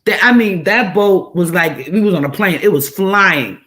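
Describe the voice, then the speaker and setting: A woman's voice: fairly low pitch, expressive, normal speed, a bit bright. A woman host tells stories in casual, emphatic chat and repeats phrases for effect.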